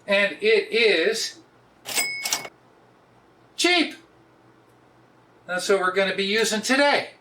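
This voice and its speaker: A man, hosting a casual cooking vlog in a joking, often loud way. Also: high-pitched, animated, takes it slowly, long pauses, background noise. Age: 60s. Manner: jokey, often laughs and raises his voice. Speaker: cooking video host.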